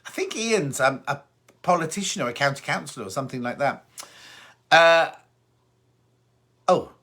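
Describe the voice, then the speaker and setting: A man's voice: a little high, lively intonation, moderate pace, pushed and bright. A man hosting a casual live stream on his phone, chatting and reading out viewer comments one after another. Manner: chatty, reads out comments and answers them. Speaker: host.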